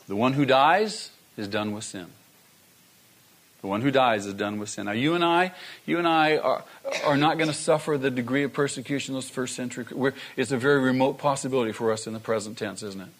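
A man's voice: mid-range voice, a little fast. A man preaching a sermon, repeating his key phrases and asking the congregation rhetorical questions. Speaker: pastor.

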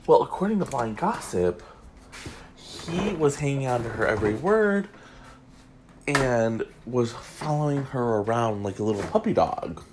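Guy doing a gossip podcast, slow and chatty, voice goes all up and down, lots of ums. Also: medium pitch, sing-song, background noise. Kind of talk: casual celebrity gossip chat. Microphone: studio mic.

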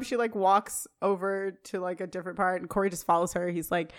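A woman's voice: medium pitch, steady tone, brisk, hardly any pauses. Young woman, podcast co-host, casual recap chat, acts out quoted lines.

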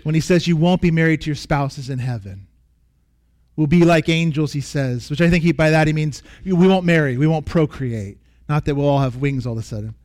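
A pastor preaching a sermon with earnest, emphatic repetition, sometimes dropping to a soft near-whisper. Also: male voice, on the high side, fairly quick.

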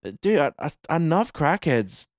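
A man's voice: fairly high pitch, very animated, moderate pace, no room sound, clean studio sound. A man in a casual podcast chat, laid-back and mumbling, swearing freely.

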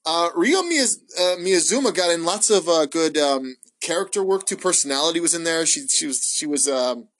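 Casual solo host, male, slightly high voice, swears a lot, rambles with many ums. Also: moderate pace, hardly any pauses. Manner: profane, excitable, rambling with many fillers. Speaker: wrestling podcast host.

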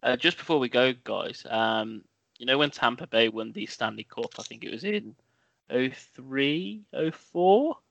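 A man co-hosts a casual podcast, chatty and full of jokes. His voice is bright and sharp. The sound is dry and close, with no room in it. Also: medium pitch, expressive, measured pace, gravelly, dry recording, dull audio. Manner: jokey, chatty. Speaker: podcast co-host.

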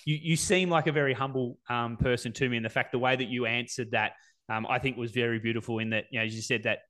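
A man's voice: medium pitch, fairly even intonation, fast. Hesitant man interviewing. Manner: warm, hesitant, many ums. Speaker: interviewer, fitness coach. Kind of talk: casual interview chat.

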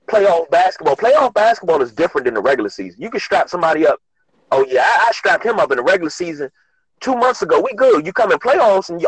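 A man in a casual sports debate, measured, who acts out players' voices in quick asides. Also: a little high, slightly rough, rough recording. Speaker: panelist.

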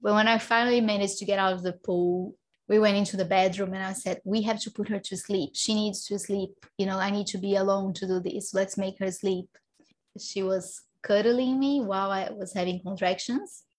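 A woman in her thirties telling her birth story in a casual chat, lively and often laughing. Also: mid-range voice, moderate pace. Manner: animated, laughing, acts out quoted voices.

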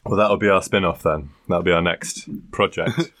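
A man's voice: sits low, moderate pace, fairly bright tone. A young man co-hosting a podcast, chatting casually with crude jokes and frequent laughs. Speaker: podcast co-host. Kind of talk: casual chat.

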